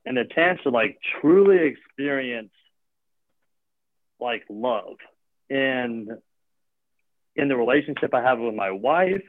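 A man's voice: mid-range voice, dry recording. A man talking casually as a guest, rambling with lots of filler words and restarts. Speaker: gym owner or coach. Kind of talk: casual chat. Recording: tinny phone-like line, dry.

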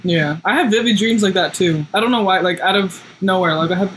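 A woman's voice: a little fast, a bit bright, slight background noise, poor audio. Laughing woman co-hosting a chat podcast. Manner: laughs often, jumps high when quoting. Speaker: podcast co-host. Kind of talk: casual chat.

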